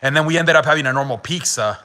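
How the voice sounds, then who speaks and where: Young male host, bright forceful voice, slightly high pitch, laughing casual storyteller who swears and fills with "like". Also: quick pace, low-quality recording. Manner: laughing often, swearing, many "like" fillers. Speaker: podcast host.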